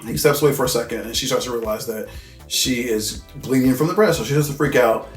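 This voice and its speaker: A man talks through a film scene by scene in a relaxed, slangy way, with frequent swearing and fillers. His voice sits at a middle pitch. The room sounds echoey, and faint music plays underneath. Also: quick pace. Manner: loose, slangy, swears freely. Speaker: film reviewer. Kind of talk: casual film recap.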